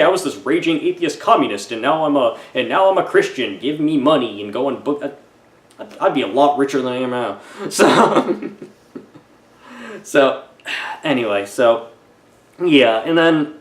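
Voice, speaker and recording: A man reviewing a film in a casual, sarcastic rant, halting often and restarting his sentences. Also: mid-range voice, roomy sound.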